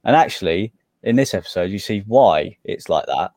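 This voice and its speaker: Low-voiced man, dry close recording. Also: expressive, moderate pace, a little mellow, no echo. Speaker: podcast co-host. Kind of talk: casual chat.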